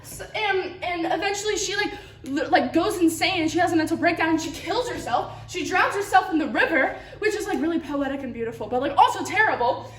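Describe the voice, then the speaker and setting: A very high-voiced woman rambles through a plot summary for her class, giggling and leaning on filler words. She sounds distant, picked up from across an echoey classroom. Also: expressive, brisk, hardly any pauses. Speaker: student giving a class presentation. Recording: roomy, from a distance.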